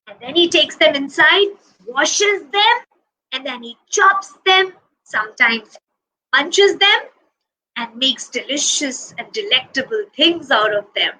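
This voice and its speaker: A woman telling a story to preschool children, animated, asking them questions and acting out the actions. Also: high voice, slow, rough recording.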